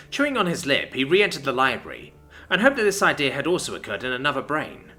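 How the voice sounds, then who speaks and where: Man narrating with a lively, bright voice. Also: medium pitch, fast talker, soft background music. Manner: expressive, dramatic reading. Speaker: story narrator. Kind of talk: scripted story narration.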